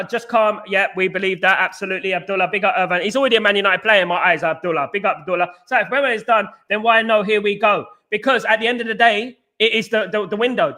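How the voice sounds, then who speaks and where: A middle-aged man from England hosting a casual live stream, reading chat and giving emphatic, repetitive shout-outs. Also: high-pitched.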